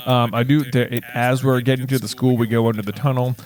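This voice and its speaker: A man co-hosting a book podcast, chatting casually and laughing as he acts out quick character lines. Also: mid-range voice, flat delivery, darkish tone. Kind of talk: casual book-discussion chat.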